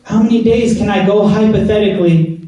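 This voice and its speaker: Earnest young preacher in an echoey hall. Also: male voice, high voice, a little fast, dark tone. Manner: earnest, exhorting, rhetorical repetition. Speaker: imam giving Friday sermon. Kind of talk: sermon. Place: mosque prayer hall. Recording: echoey hall, mic at a distance.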